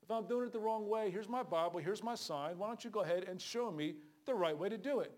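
A man's voice: sits high, quick pace, darkish tone. A middle-aged man preaching a fervent sermon, calling for amens and acting out the people in his stories. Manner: fervent, calls for amens, acts out quoted people. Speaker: street preacher.

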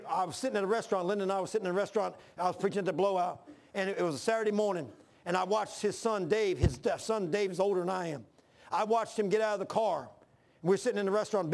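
A man's voice: high-pitched, creaky, a little mellow. An older man preaching a sermon, mixing scripture with folksy, plain-spoken stories. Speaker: pastor.

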